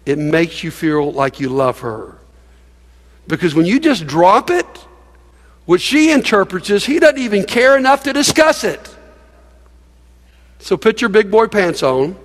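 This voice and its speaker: A man preaches to his congregation in an emphatic, folksy way, urging listeners to speak along with him. His voice sits high for a man. The sound carries a long reverb from the church sanctuary. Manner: emphatic, folksy, with laughs and audience prompts. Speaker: pastor. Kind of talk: sermon.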